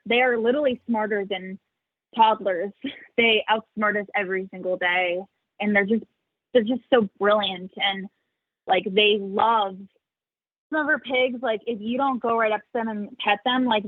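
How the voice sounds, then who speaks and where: A woman's voice: mid-range voice, no room sound. A young woman giving casual interview answers about her animal sanctuary, chatty, full of "like" fillers and frequent laughs. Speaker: sanctuary founder, interview guest. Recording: dry, phone-like narrow sound.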